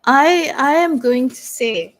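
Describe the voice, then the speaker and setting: A woman's voice: high voice, takes it slowly, slight background noise. A woman playing through a solo tabletop story game, thinking aloud hesitantly as she reads tarot cards.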